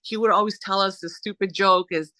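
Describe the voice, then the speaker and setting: A woman's voice: mid-range voice, a little fast, dry recording. Chatty woman guest telling stories. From Southern California. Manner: animated, rambling storyteller with fillers. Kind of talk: conversational storytelling.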